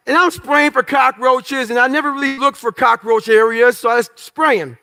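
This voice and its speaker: A man's voice: extremely high pitch, moderate pace, few pauses, bright, forceful tone. A man giving a motivational talk, telling stories from his life bluntly and with profanity, acting out the voices of other people in them. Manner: acts out quoted dialogue in story. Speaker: motivational speaker. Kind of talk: storytelling talk to an audience.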